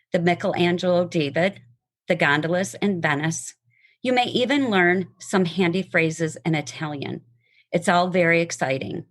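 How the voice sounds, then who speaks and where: A woman with a fairly low voice shares her personal testimony and reads a poem aloud. She is heartfelt and emotional, sometimes stumbling over her words.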